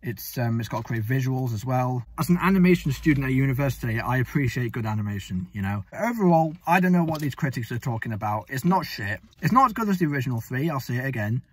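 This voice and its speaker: Husky young man chatting about films. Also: medium pitch, quick pace, hardly any pauses, no room sound. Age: young adult. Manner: relaxed, hesitant with restarts. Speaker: film review co-host. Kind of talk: casual film review chat.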